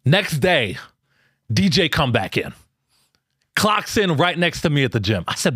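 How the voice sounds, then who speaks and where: A male stand-up comedian telling a story in an animated, incredulous way, often tripping over quick restarts. His voice sits fairly high and swings widely in pitch. The sound is dry and close. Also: slightly rough, no room sound.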